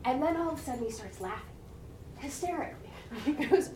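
A woman's voice: high voice, expressive, a little fast, dark tone. Female preacher, 40s, chatty sermon storytelling, picked up from across a roomy hall, faint room noise. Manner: conversational, often asks "right?", acts out voices. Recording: echoey room heard from a distance.

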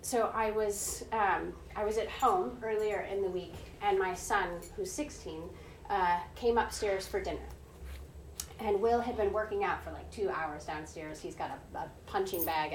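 A woman in her forties, a preacher, delivers a conversational sermon centered on a personal story, frequently checking in with "right?" and acting out the voices in it. Her voice sits at medium pitch with a little hiss or hum, and the recording comes from a distance in an echoey room.

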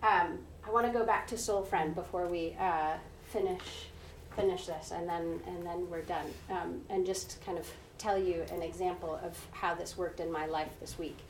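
Here the preacher, a woman in her forties, has a fairly low, fairly even voice at normal speed, with a little hiss or hum. She tells a personal story as a conversational sermon, often asking "right?" and performing the voices, captured distantly in an echoey room.

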